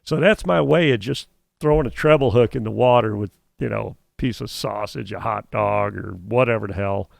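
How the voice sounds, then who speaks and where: Joking man with a gravelly voice. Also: lowish voice, moderate pace, dry recording. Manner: joking, dry interjections. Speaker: podcast co-host. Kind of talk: casual podcast chat. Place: podcast studio.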